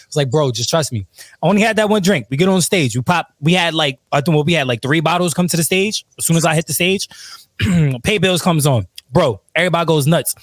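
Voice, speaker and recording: Guy telling wild night-out stories, laughs a lot, kinda high voice, dry close sound. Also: fast, no echo. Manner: laughing, quotes friends in retold dialogue. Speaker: podcast guest telling stories. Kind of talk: casual storytelling, profane and animated.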